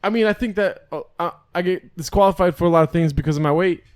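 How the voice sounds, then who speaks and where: An excitable, playful man co-hosting a comedy podcast. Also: high-pitched, fast talker, clear, resonant tone, no echo, studio quality. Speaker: podcast co-host. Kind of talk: casual comedic podcast banter.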